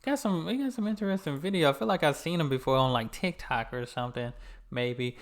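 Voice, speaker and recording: An American man hosting a reaction video, talking in a relaxed, chatty way. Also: fairly high pitch, brisk. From United States. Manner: relaxed, chatty, laughs along. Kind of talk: casual reaction commentary.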